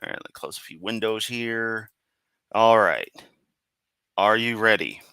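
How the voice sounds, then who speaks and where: A tired man streams live, yawning as he reads comments and mocks them in a sarcastic, rambling way, laughing and restarting as he goes. His voice is on the low side, with an unhurried pace and a sharp, clean tone, and there's no room sound.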